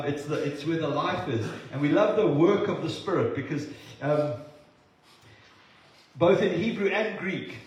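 A man from South Africa preaching a sermon as pastor, earnest and repeating words for emphasis. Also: fairly high pitch. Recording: very echoey room, voice from a distance.

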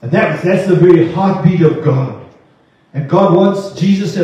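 A man's voice: high voice, normal speed, dark tone. A man preaching an earnest, heartfelt sermon in a church, often stumbling and repeating words. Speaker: pastor. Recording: dull echoey sound from far off.

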